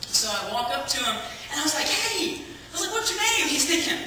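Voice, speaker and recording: A woman giving a personal testimony as a lively storyteller, acting out the dialogue and laughing often. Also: high-pitched, fast, slight background noise. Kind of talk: personal testimony to a church audience. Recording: echoey hall, from far off.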